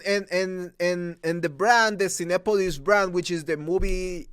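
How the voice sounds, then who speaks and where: In a clean studio recording without echo, a young male movie reviewer from Mexico vents furiously over a film's dubbing. His voice sits high, his accent is Mexican, and he swears and keeps starting over in frustration.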